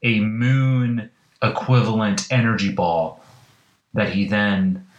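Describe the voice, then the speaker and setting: Rambling low-voiced man in an echoey room. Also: steady tone, slow pace, highs cut off. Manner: rambling, full of filler words; wry, playful storytelling. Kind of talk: casual chat.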